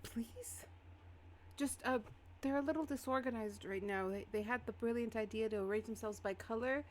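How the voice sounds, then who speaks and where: A woman's voice: a little high, normal speed, slight background noise, natural voice. A woman voicing a fussy, dramatic male flame-spirit librarian who gets flustered and exasperated. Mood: excited.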